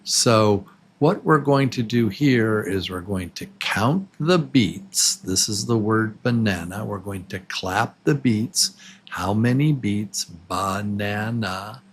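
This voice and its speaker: A man teaching English to absolute beginners, patiently repeating words slowly and counting syllables with the listener. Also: lowish voice, lively intonation, a little hiss or hum. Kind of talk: slow, clearly spoken beginner English lesson.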